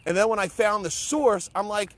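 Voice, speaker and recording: A man's voice: sits high, moderate pace, fairly bright tone. A middle-aged man giving an impassioned, blunt pep talk to camera, emphatic, repetitive and peppered with swearing. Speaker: motivational vlogger.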